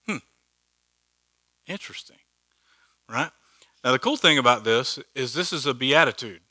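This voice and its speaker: A man's voice: medium pitch, animated, normal speed, bright, forceful tone. A man teaching a Bible study in a church hall, conversational and joking, with many rhetorical questions.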